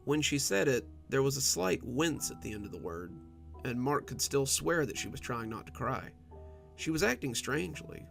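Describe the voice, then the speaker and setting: A male narrator with a gravelly, creaky voice reads a dark story in a measured, steady tone. Soft instrumental music plays faintly under the reading. His pitch sits in the middle of the male range. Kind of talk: scripted horror story narration.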